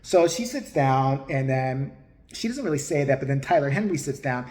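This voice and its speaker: A man's voice: medium pitch, lively intonation, moderate pace, a little mellow. A man giving crude, mocking comedic commentary in a profane ranting style. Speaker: host. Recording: roomy echo.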